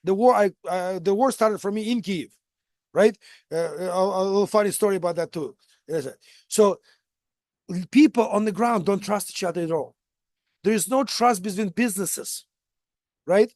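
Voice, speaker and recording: An American man gives a lecture in a loose, conversational way, full of restarts and "right?" tag questions. His voice sits high for a man. The sound is dry and close. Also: moderate pace, pauses often, a little mellow, no echo. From United States. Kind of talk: lecture with anecdotes.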